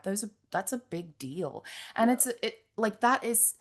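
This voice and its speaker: A woman's voice: medium pitch, animated, a little slow. A woman hosting an interview, speaking earnestly and emphatically in long flowing thoughts full of "like" and "you know.". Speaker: podcast host, interviewer. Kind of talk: casual interview chat.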